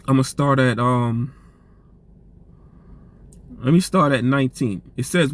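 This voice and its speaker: A man's voice: mid-range voice, sing-song, unhurried, long pauses. A man preaching informally and reading scripture aloud, in a loose, profane street-talk manner, tagging phrases with "man" and restarting words, his voice getting strained.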